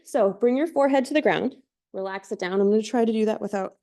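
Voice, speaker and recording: A woman's voice: medium pitch, quick pace, dark tone. Playful woman leading a yoga class. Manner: playful, chatty, jokey asides. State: slightly out of breath. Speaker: yoga instructor. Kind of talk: guided yoga class cues. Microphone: clip-on mic, sometimes moved off.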